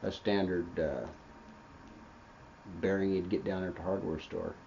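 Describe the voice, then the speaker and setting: A man's voice: sits low, fairly even intonation, unhurried, vocal fry, dark tone. A man co-hosting a casual livestream, talking in a dry, laid-back, self-deprecating way. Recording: dull webcam audio with faint background noise.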